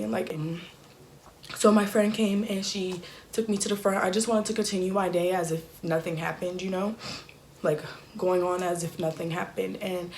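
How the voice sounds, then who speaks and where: A young woman telling an emotional personal story in a halting, soft-spoken way with many fillers. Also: medium pitch, steady tone, slight background noise. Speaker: YouTuber.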